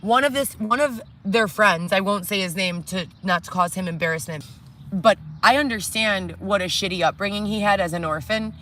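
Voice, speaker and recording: Middle-aged woman, bright and sharp-edged voice, agitated profane rant to camera, reality show, tent setting. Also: medium pitch, normal speed, a little hiss or hum. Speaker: reality show cast member. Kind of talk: distraught monologue to camera. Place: inside a tent.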